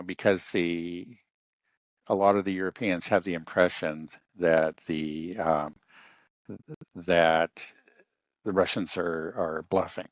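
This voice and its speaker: A man talking through a casual political discussion, halting often with fillers and restarts. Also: low-pitched, no room sound.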